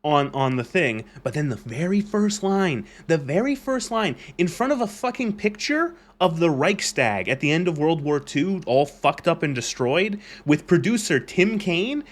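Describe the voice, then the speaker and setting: A man's voice: on the high side, sing-song, measured pace, few pauses. A man streaming a game, ranting casually with lots of swearing and rambling restarts. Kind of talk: casual live gameplay commentary.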